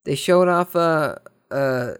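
A man's voice: fairly high pitch, takes it slowly, smooth. An American man giving casual commentary on video game news, rambling and trailing off mid-sentence, with dry sarcastic asides. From United States. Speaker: host.

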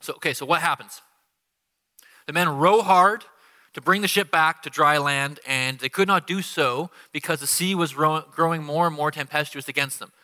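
A man's voice: fairly high pitch, moderate pace. A man preaching a guest sermon in a church, talking casually and animatedly, acting out the quotes he tells. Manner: animated, conversational, acts out quotes with laughter. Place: church sanctuary. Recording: long hall reverb.

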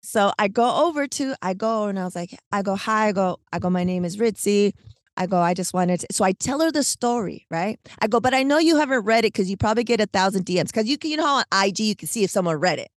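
A woman co-hosting a podcast, telling a long story in casual, animated, slangy chat, full of "like" and "right?". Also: medium pitch, quick pace, dry recording, clean studio sound. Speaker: podcast co-host.

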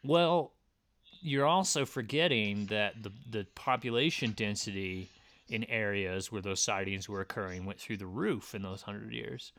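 A man's voice: fairly low pitch, measured pace, fairly bright tone. A man co-hosting a podcast, chatting casually and reading out reports in a playful, teasing way. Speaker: podcast co-host.

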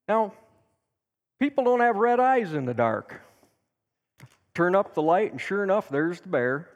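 Guy telling a camping story at church, relaxed folksy delivery, echoey sanctuary. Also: fairly high pitch, highs cut off. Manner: anecdotal, folksy, with lively acted quotes. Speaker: teacher in a church service. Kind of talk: storytelling sermon teaching.

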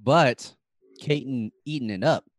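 A podcast co-host with a mid-range male voice chats casually about a movie at a measured pace, laughing often. The audio is studio quality with no echo.

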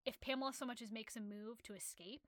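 A young woman casually retelling a novel's plot on a podcast, animated and rambling with many fillers. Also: a little high, quick pace, dry recording, studio quality. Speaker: podcast host.

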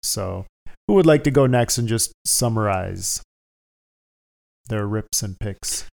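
A man hosting a casual podcast panel discussion, brisk and upbeat as he steers the talk along. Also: fairly low pitch, animated, creaky, darkish tone. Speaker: podcast host.

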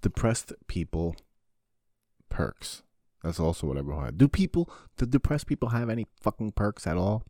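A man hosting a podcast, talking in a casual, crude, comedic monologue that rambles, swears a lot and breaks into sudden loud bursts. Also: on the low side, expressive, moderate pace, dry recording, clean studio sound. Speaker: podcast host.

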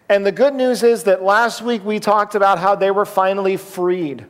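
A man in his thirties, a pastor giving a sermon in a relaxed, conversational storytelling way with many fillers. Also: sits high, moderate pace, hardly any pauses. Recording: long reverb of a large hall.

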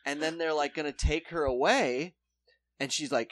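A young man co-hosting a casual podcast, retelling a story with lively acted-out quotes. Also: on the high side, normal speed, dry recording. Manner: animated storyteller acting out quotes. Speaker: podcast co-host. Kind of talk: casual chat, retelling a true crime show.

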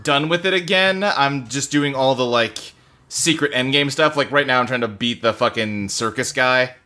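A man's voice: mid-range voice, normal speed, sharp tone. A man co-hosting a casual chat about games from his home office, speaking loosely with lots of fillers and the odd curse word. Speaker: podcast co-host. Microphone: desktop computer setup.

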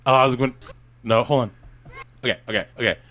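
A man's voice: mid-range voice, steady tone, fast, bright, forceful tone. A man hosting a comedy podcast, teasing his co-host and joking with profanity. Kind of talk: casual comedic chat.

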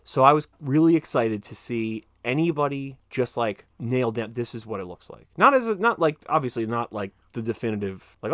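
A man's voice: mid-range voice, expressive, brisk, hardly any pauses, fairly bright tone, no room sound, studio quality. A man hosting a podcast in casual chat, telling stories animatedly and swearing freely. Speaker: podcast host.

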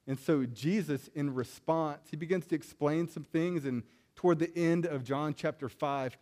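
Higher-voiced man preaching casually. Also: moderate pace, darkish tone. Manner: casual storytelling, often asks "right?". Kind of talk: conversational sermon.

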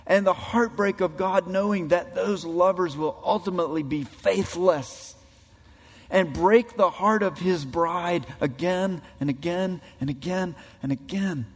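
Man preaching, slow and deliberate, dramatic quoted voices, long hall reverb. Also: a little high. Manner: dramatic, acts out quoted voices of God and people. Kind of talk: sermon.

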